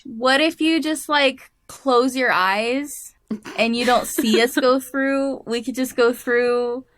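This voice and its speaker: A woman playing a tabletop game who makes her case in character, direct and coaxing. Her voice is fairly high. The recording is dry and close. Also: takes it slowly, fairly bright tone, no echo. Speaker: player. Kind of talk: in-character tabletop role-play.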